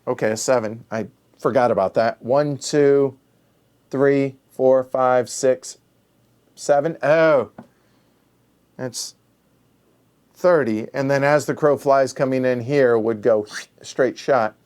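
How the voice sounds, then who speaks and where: A man's voice: medium pitch, slow pace, long pauses, a little mellow, smooth. A middle-aged man playing a solo board game, counting aloud under his breath and correcting himself as he thinks. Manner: muttering, self-correcting. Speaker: board game show host.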